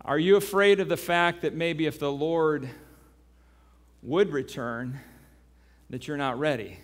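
A man preaching a sermon as pastor. He tells a story with animation and then turns quiet and earnest. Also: a little high, unhurried. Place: church sanctuary. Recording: long reverb of a church hall.

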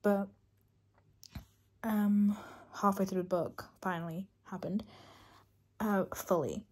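A young woman chatting casually in a reading vlog, excited and laughing at times, sometimes dropping to a hush. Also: medium pitch, slow, slightly rough. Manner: excited, chatty, laughs, drops to hushed tones. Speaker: book vlogger.

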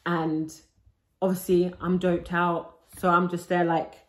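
A young vlogger tells her labour story to the camera she films herself with, chatty and breathless, full of likes and restarts in a casual storytime. Her voice sits lowish with a level tone and a measured pace, and the recording has a roomy echo.

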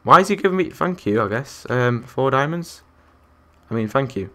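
Young guy live streaming a game, chatty, counts blocks out loud, talks to chat. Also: medium pitch, lively intonation, moderate pace. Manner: chatty, counts aloud, reacts to chat and other players. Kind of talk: live gameplay commentary.

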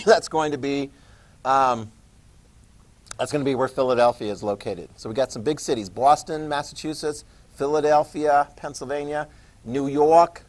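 A man's voice: on the high side, darkish tone. Chatty male teacher lecturing a class. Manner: chatty, asides and questions to students.

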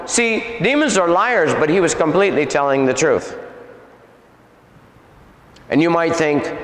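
A man preaching, telling a story with animated delivery, sound effects and many repeats, in an echoey hall. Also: on the high side, unhurried, long pauses. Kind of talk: sermon testimony. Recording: echoey hall with long reverb.

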